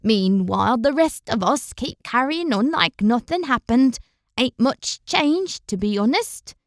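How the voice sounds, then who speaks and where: Plain-spoken village boy, read by a woman, slow, unhurried delivery, fantasy audiobook. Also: on the high side, expressive, dry recording, clean studio sound.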